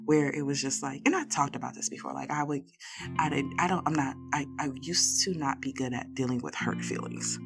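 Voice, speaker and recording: A woman's voice: a bass voice, fairly quick, creaky. A woman co-hosting a podcast, talking candidly in casual chat and telling stories with animation. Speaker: podcast co-host. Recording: guitar music playing behind.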